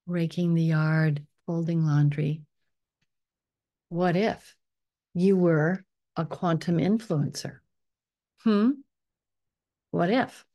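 A woman, a spiritual teacher, leading a guided meditation in a soft, unhurried voice that often drops to a whisper on affirmations. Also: fairly low pitch, gravelly.

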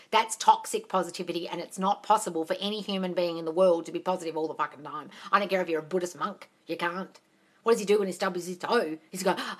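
A woman answers viewer questions on a live phone stream with a bright, forward voice. She is blunt and swears freely, calling everyone darling. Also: medium pitch. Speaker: manifestation coach hosting a live Q&A.

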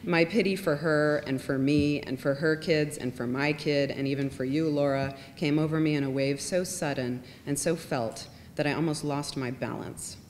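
A woman reading literary fiction aloud in a measured, softly expressive way. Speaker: reader. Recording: long reverb, faint rumble.

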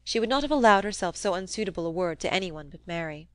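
A woman narrating a classic novel in a measured, even reading voice. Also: on the low side, clear, resonant tone, no room sound. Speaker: audiobook reader. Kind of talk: scripted narration.

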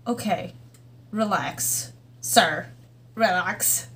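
Her medium-pitched, somewhat bright voice draws out words as she reacts excitedly to a music video she's hosting. She gushes and exclaims, laughing and gasping a lot, with faint music in the background.

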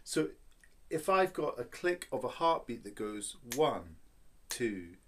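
Slow, patient male violin teacher. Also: medium pitch, big pitch swings, a bit bright. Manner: slow, patient, playful instructing with counted beats. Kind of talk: children's music lesson.

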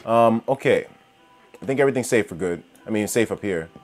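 Excitable swearing gamer man. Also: lowish voice, fairly quick, faint music behind. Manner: excitable, swears and yells at game monsters; talks straight to viewers. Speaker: gaming commentator. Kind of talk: let's-play commentary.

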